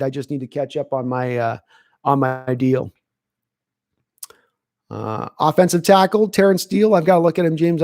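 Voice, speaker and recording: A man's voice: a little high, darkish tone, dry recording, clean studio sound. A man hosting a live sports stream, chatting casually and answering viewers' questions from the chat as he thinks aloud. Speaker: podcast host reading live chat.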